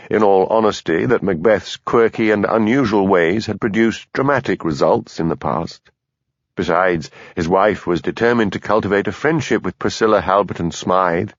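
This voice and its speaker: A man narrating an audiobook in a measured, even storytelling manner. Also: lowish voice, no echo, dull audio. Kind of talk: scripted narration.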